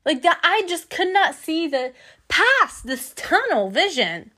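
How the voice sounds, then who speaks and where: A young woman with an extremely high voice gives a personal testimony, taking it slowly. She tells her story in an animated way, acting out the people she quotes.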